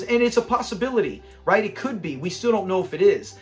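A man's voice: high voice, expressive, fast, soft background music. A man hosting a casual episode review, animatedly retelling scenes, acting out quotes and laughing often. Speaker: show review channel host.

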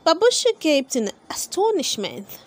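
A woman narrates a storybook aloud for children. Her high voice moves up and down with lots of expression, and she takes her time. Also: huge pitch swings, measured pace.

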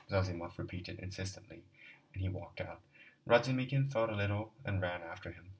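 Low-voiced man reading a novel. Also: a little fast, recorded from a distance, rough recording. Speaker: audiobook reader. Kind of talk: novel narration.

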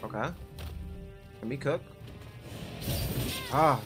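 A man's voice: mid-range voice, takes it slowly. A man commenting on his own gameplay as a streamer, frustrated and cursing at enemies while he plays. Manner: frustrated, swearing, talking to the game. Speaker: gaming streamer. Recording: game music loud behind voice. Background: game music.

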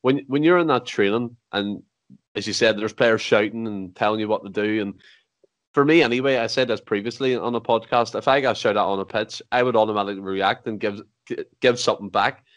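A man's voice: fairly low pitch, brisk, no echo. A man hosting a podcast, asking long, chatty, rambling questions. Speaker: podcast host. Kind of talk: casual interview questions.

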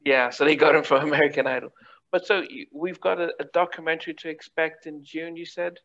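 A man hosting a casual interview, asking halting questions with frequent restarts. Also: a little high, fairly even intonation, gravelly, a bit bright, dull audio. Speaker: host.

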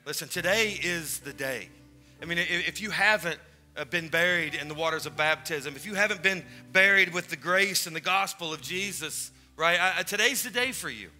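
A pastor with a high, very bright voice preaches to his congregation in a church sanctuary. He talks fervently and urgently and keeps circling back on his own words, with soft music playing under him. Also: normal speed. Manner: fervent, urgent, repeats phrases. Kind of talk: sermon with altar call.

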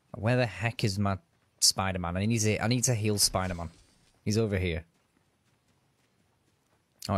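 A man's voice: deep voice, fairly bright tone. A man giving casual, upbeat commentary while streaming a game. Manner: chatty, upbeat, self-narrating. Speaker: gaming streamer.

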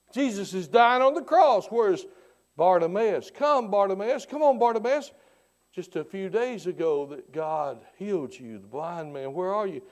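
A man preaching a sermon who swings from hushed tones to shouting and keeps repeating rhetorical questions in church. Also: high voice. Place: church sanctuary.

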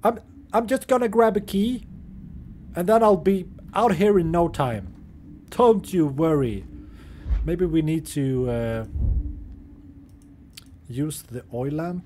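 A man's voice: on the high side, lively intonation, slow, pauses often, a little mellow, slight background noise. A young man who is not a native English speaker, casually commentating a horror game, joking and swearing and talking to the characters on screen. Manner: profane, jokey, talks to the game characters. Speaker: gaming channel host. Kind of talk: casual let's-play commentary.

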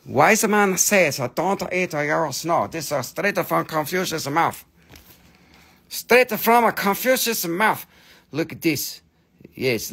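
Creaky-voiced man hawking crystals live. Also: fairly high pitch. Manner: playful, joking, swings between loud teasing and quiet muttering. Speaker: live-stream crystal seller. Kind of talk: live sales stream patter.

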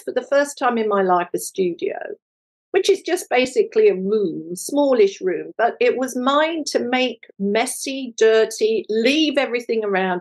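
An older woman, an artist being interviewed, telling a personal story in a lively conversational way and acting out the voices of people she quotes. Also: fairly high pitch, low-quality recording. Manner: animated, acts out quoted voices. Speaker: guest, multimedia artist.

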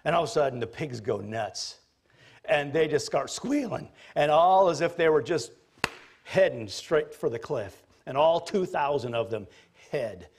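A man, a pastor, preaching a sermon in an animated, jokey storytelling manner. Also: a little high, a little slow, breathy edge.

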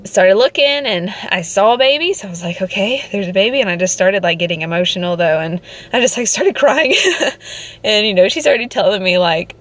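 A woman's voice: medium pitch, expressive, brisk, hardly any pauses, fairly bright tone. A young woman giving a casual vlog update, emotional and teary but relieved, laughing now and then. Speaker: vlogger.

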